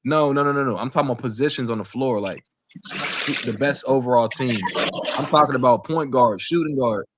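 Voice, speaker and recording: A man co-hosting a casual basketball podcast, talking in an animated, slangy way and repeating himself as he argues. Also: mid-range voice, a little fast, very noisy. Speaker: podcast co-host. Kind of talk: casual sports chat.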